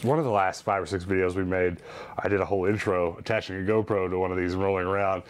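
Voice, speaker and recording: A man vlogging about his thrift store finds in an animated, chatty, jokey way. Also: deep voice, fast talker. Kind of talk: casual chat.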